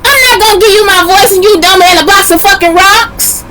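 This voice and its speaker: High bright-voiced woman ranting. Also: a little fast, a little hiss or hum. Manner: heated, swears constantly, addresses viewers as y'all; rises into shouting, near tears at times. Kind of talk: angry profane rant to viewers.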